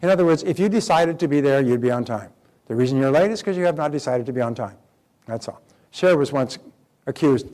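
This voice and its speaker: A man giving a motivational seminar talk in a direct, emphatic, animated manner. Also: medium pitch, fairly quick. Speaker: motivational speaker.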